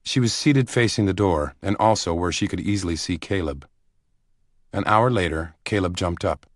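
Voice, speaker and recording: A man narrating a thriller audiobook in a measured, even storytelling manner. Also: low voice, no echo, clean studio sound.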